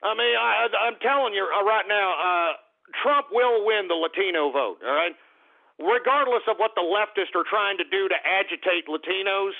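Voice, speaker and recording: A man's voice: sits high, vocal fry. A man hosting a call-in radio talk show, ranting brashly at callers and listeners, calling them baby and folks. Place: Texas. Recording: phone-like narrow radio audio.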